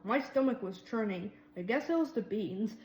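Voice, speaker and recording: A woman reading a children's storybook aloud in a lively way, doing voices for the mouse characters. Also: medium pitch, normal speed, roomy sound, rough recording. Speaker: reader.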